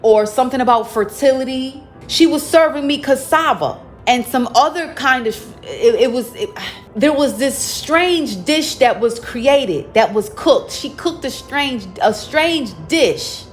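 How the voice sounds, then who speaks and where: A woman giving a spiritual card reading to viewers, dramatic, with loud exclamations and emphatic repetition. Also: sits high, expressive, a little slow. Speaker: psychic card reader. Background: faint background music.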